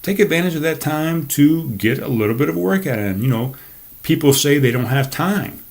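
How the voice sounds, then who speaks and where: A man's voice: a little high, animated, normal speed, creaky, a little mellow. A man hosting a solo podcast from his desk, ranting in a fired-up, profane way into a desk microphone. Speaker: podcast host. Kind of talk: casual solo podcast monologue. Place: seated at a desk.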